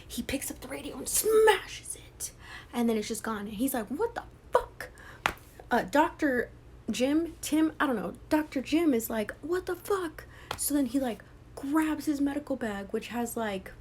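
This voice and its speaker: A woman's voice: fairly high pitch, a little hiss or hum. Young woman dramatically retelling a book. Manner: animated retelling with frequent whispers and swearing. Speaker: book vlogger.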